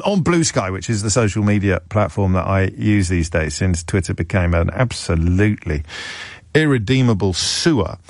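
Middle-aged male commentator, wry and rambling, stop-start delivery, mid-pitched voice, dry recording. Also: no echo. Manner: wry, digressive, halting with frequent restarts. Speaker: political commentator. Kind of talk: monologue commentary.

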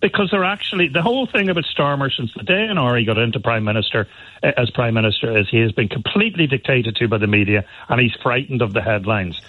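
A man's voice: medium pitch, animated, quick pace, no room sound. A man calling in to a radio show, talking indignantly and insistently. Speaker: caller. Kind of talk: phone-in call. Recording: tinny phone line.

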